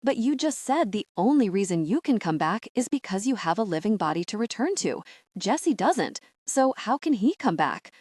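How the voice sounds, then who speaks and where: A woman's voice: mid-range voice, big pitch swings, normal speed, a little mellow, no room sound, studio quality. A woman reading an audiobook voices an anxious, earnest young boy who keeps asking worried, literal-minded questions. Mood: worried questioning.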